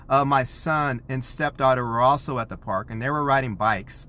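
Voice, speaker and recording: Animated dad telling a story. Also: male voice, mid-range voice, moderate pace, few pauses. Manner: animated storyteller, acts out scenes. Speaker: parent. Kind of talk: storytelling vlog.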